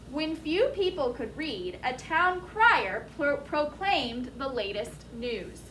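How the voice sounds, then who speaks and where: Woman teacher, high voice, unhurried vocabulary lesson, echoey classroom. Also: sharp tone, a little hiss or hum. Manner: slow, deliberate, spells words out letter by letter. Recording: echoey classroom, mic at a distance.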